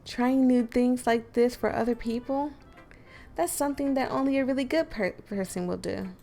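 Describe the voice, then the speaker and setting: A woman voicing a bubbly, affectionate teenage schoolgirl in a game, gushing in a high, sweet, giggly sing-song. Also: normal speed, vocal fry, mellow, soft background music. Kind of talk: reading game dialogue aloud.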